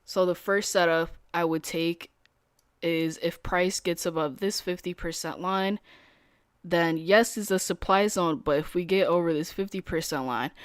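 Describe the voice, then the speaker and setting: A woman's voice: fairly low pitch, clear, resonant tone, no room sound. A young adult woman streaming as a day trader, talking casually in slangy speech, laughing easily and explaining her setups.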